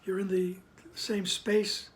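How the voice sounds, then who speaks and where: Man, spiritual reading with commentary; hushed, near-whispered asides, slow deliberate delivery. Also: high-pitched, level tone. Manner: soft-spoken, often sinks to a whisper; slow, emphatic reading of passages. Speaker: spiritual text reader and teacher. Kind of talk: reading aloud with reflective commentary.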